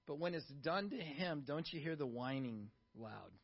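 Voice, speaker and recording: A middle-aged man preaching a sermon in a conversational, animated way, full of rhetorical questions to the congregation. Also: on the high side, normal speed, creaky. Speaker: pastor. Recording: dull lo-fi sound.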